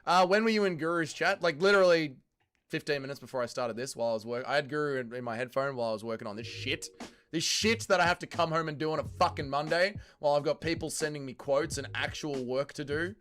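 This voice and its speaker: A man's voice: on the high side, quick pace, fairly bright tone, slight background noise. A man with an Australian accent hosting a livestream, answering chat comments in sweary, joking banter. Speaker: livestream host reading chat.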